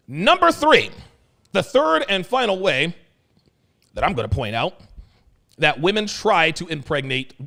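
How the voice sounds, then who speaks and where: A man hosting a livestream talk show, talking crudely to his chat and swinging between low mutters and excited bursts. His voice sits high for a man and jumps around a lot. It carries a gravelly fry. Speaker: host.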